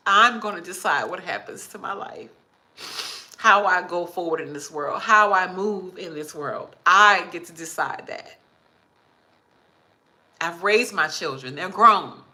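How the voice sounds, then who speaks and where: Slow-talking emotional woman vlogger. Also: fairly low pitch, pushed and bright, low-quality recording. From Texas. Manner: emotional, heartfelt, reads viewer comments aloud. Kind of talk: casual livestream chat.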